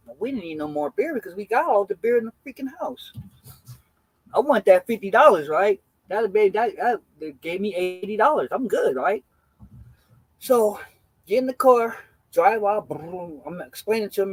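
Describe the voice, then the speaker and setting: A man streaming, telling a rough anecdote in a casual, profane, slangy way and acting out what people said. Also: high voice, animated, moderate pace, dry recording, low-quality recording. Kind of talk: casual storytelling.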